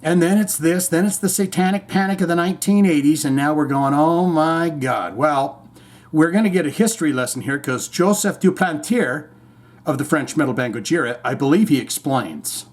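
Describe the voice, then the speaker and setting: A man's voice: on the high side, brisk. A man hosting a podcast, giving rambling, irreverent, profanity-laced commentary on the news. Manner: rambling, irreverent, swears freely. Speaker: podcast host.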